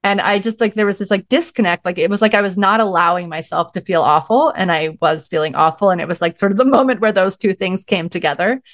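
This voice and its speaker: A woman's voice: medium pitch, quick pace, few pauses, no echo, clean studio sound. A middle-aged woman, a podcast guest, telling her story in a casual, chatty way, full of "like"s and acting out what she said to herself. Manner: chatty, many "like"s, acts out her own quotes.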